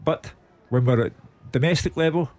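A man's voice: fairly high pitch, moderate pace, a little mellow. A man working as a football pundit on a radio show, talking with dry, wry humour. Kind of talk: casual football radio chat.

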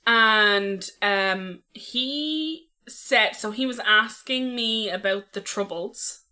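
A woman's voice: mid-range voice, drawn-out words, sharp tone. An Irish woman co-hosting a podcast, teasing her co-host with sweary chat and frequent laughs. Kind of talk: casual chat.

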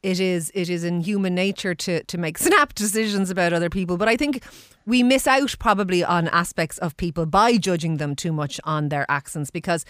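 Wry Irish woman, low dry voice. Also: a little fast, a bit bright, clear, resonant tone, no room sound. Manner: mock-indignant, wry. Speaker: panellist. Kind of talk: radio panel chat.

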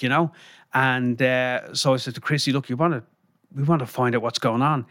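Sitting in a podcast studio, an Irish former band crew member wanders casually through anecdotes, chuckling and leaning on "um" and "you know." His voice is ordinary in pitch, a bit bright, dry and close with no echo, delivered at a normal pace with fairly even intonation.

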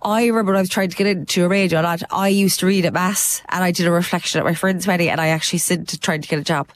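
An Irish woman with a Cork accent and a blocked-up nose, hosting a podcast and telling stories in a chatty, animated way. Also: on the low side, slight background noise. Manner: chatty, animated storyteller, quick laughs. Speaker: podcast co-host. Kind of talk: casual chat.

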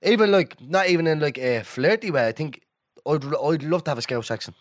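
A man's voice: fairly high pitch, animated, a little fast, no echo, clean studio sound. A young Irish man, co-hosting a podcast in blunt, laid-back banter. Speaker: podcast co-host. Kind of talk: casual chat.

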